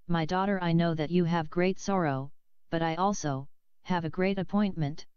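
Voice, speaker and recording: A woman voicing an older male hajj who speaks gently and in a fatherly way to young women, on a slightly dull lo-fi recording. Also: on the low side, steady tone, normal speed, smooth, no echo, natural voice. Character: older male hajj, pious and self-regarding.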